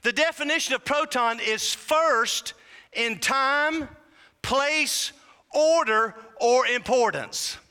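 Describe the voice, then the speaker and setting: A man preaching a sermon, fervent and humorous, rising to shouted whoops. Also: very high-pitched, slow pace, smooth. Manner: humorous asides to the congregation. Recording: long hall reverb.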